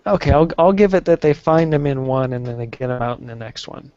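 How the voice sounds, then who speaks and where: A man's voice: medium pitch, expressive, brisk, darkish tone, no room sound. Laid-back man on a dry, dull line. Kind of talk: casual chat. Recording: dry, muffled lo-fi recording.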